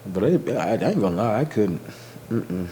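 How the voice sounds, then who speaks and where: A man appearing as a recurring podcast guest, joking in a lively way. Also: normal speed, a little hiss or hum. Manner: lively joking with wild pitch swings. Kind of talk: casual chat.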